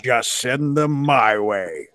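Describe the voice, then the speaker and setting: Gruff jokey pirate played by a man on a livestream, a bit louder and set back from the mic. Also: medium pitch, expressive, takes it slowly. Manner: playful growling put-on. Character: gruff male pirate reading a fan message.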